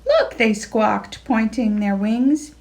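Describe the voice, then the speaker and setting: A woman reading a children's picture book aloud, slow and expressive, jumping up in pitch for the animals. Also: gravelly. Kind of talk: read-aloud storytelling.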